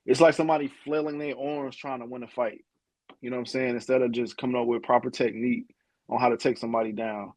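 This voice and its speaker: A man's voice: medium pitch, little pitch movement, fast talker, darkish tone, no room sound, poor audio. A man co-hosting a podcast in casual chat, laid-back and profane, often restarting his sentences. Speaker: podcast co-host.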